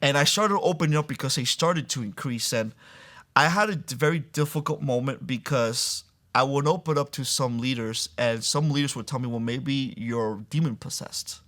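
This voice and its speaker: A man recounts his faith testimony in a sit-down interview recorded in a church. He tells it in an earnest, conversational way at a moderate pitch, often leaning on casual fillers as he goes. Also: normal speed, fairly bright tone. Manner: earnest storytelling with frequent "like" and "I'm like" fillers. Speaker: guest sharing a faith testimony. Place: church building.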